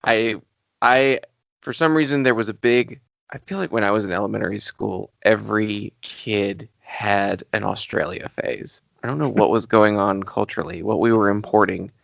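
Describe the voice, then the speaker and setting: A man's voice: on the low side, steady tone, normal speed, vocal fry, a bit bright, dry recording. A man co-hosting a podcast, chatting casually and joking, often trailing off mid-thought. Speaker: podcast co-host. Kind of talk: casual chat. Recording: dull, slightly lo-fi dry recording.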